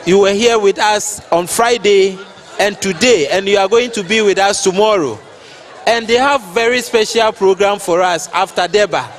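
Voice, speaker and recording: A man's voice: high-pitched, moderate pace, a faint crowd. A man giving an emotional outdoor festival speech, repeating his thanks to sponsors on behalf of the town.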